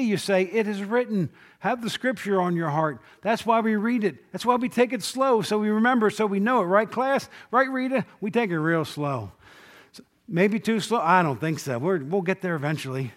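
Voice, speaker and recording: Leading a casual Bible class, this male preacher speaks conversationally, quizzing the class and acting out quotes. When he reaches key points, his voice sinks low and quiet.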